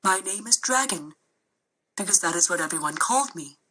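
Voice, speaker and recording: A woman voicing a gentle, lonely young male dragon who speaks softly and earnestly in a storybook reading. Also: mid-range voice, lively intonation, a little fast, husky. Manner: soft, earnest.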